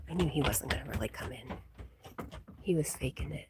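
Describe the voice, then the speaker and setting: A woman livestreaming casual chat, talking softly and often half-whispering to herself and her dog. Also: very deep voice, animated, brisk, long pauses, background noise. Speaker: livestream host. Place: outdoors and at home with a dog.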